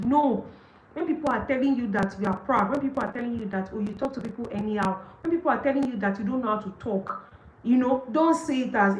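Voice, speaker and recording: Speaking at a fairly high pitch and a brisk pace, this young Nigerian-accented woman runs a live session on a marriage book, laughing often, dramatizing quoted excuses, and reacting forcefully to each passage. The audio is poor and reverberant.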